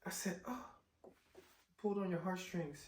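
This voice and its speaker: A man recapping a film in an excited, slangy chat, his pitch bouncing high and low as he exclaims. His voice sits a little above average. The room is echoey and the mic is some distance away. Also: normal speed, a little hiss or hum. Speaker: movie recap host. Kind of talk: casual movie recap chat. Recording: roomy echo, distant mic.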